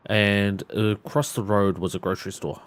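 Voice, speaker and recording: A man's voice: fairly low pitch, moderate pace. A man in his thirties chatting on a live stream, telling a story with lots of laughter and swearing. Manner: laughs a lot, swears freely, animated storyteller.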